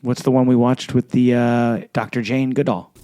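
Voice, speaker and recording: A man with a mid-range voice who co-hosts a podcast and chimes in with short, dry, teasing remarks. He chats casually, with loud noise running behind him. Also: medium pitch, level tone, normal speed. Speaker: podcast co-host. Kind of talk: casual chat.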